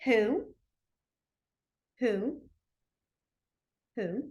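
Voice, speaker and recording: A woman's voice: a little high, lively intonation, extremely slow, a little mellow. A woman teaching a beginner sign language class in a library, chatty and informal, with lots of fillers and self-corrections. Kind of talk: casual class instruction.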